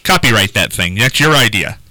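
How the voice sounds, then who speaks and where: A man's voice: on the low side, expressive, a little fast, bright, forceful tone, no echo. A man hosting a radio show, teasing his guest and steering the chat. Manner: teasing, pushy, keeps steering the talk. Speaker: radio host. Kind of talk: casual on-air banter. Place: radio studio.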